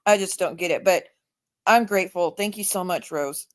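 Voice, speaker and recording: A woman's voice: fairly low pitch, moderate pace. A woman hosting a live stream in casual chat, blunt and emphatic, swearing freely. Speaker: livestream host.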